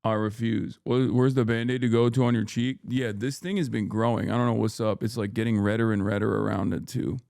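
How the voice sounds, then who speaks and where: A man's voice: on the low side, steady tone, fairly quick, gravelly, hardly any pauses, a little mellow, no echo, clean studio sound. A man hosting a live stream in a casual, rambling, joking way, reading chat aloud and answering it as a political commentator. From United States. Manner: rambling, joking, loose and irreverent.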